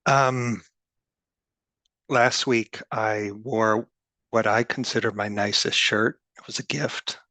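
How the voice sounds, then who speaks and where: A man who teaches meditation, giving a dharma talk in a wry, soft-spoken way with many hesitations. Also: lowish voice, fairly even intonation, slow pace, dry recording.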